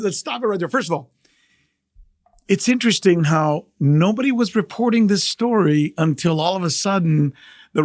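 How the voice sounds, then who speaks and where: A middle-aged male journalist hosting a podcast, giving emphatic, animated news commentary and repeating key phrases for effect. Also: high voice, vocal fry, no echo, studio quality.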